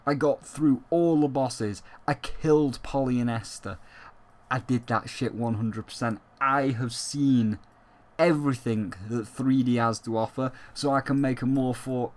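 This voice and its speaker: A man's voice: medium pitch, measured pace, a little mellow. A young man giving casual, emphatic gaming commentary on his vlog, swearing freely as he argues his point. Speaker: gaming YouTuber.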